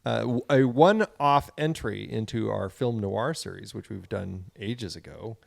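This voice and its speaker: A man's voice: fairly low pitch, measured pace, vocal fry, no echo. A man co-hosting a film podcast in casual chat, with playful, teasing banter. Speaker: podcast co-host.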